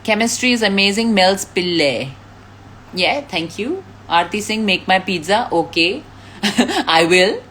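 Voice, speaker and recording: Slow-spoken woman. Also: medium pitch, sing-song, fairly bright tone, a little hiss or hum. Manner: reads out names, thanks fans, laughs often. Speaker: actress on a live stream. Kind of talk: casual live chat reading fan comments.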